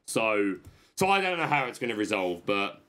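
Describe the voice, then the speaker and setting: A man's voice: on the low side, very animated, moderate pace, bright, forceful tone. A man co-hosting a let's-play, rambling through a story in casual chat and often restarting his sentences. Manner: rambling, self-interrupting storyteller.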